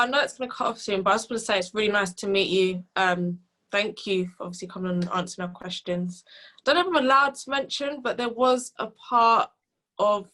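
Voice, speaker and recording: A woman's voice: mid-range voice, fairly bright tone. A woman co-hosting a casual video-call interview, chatty and giggly with many ums.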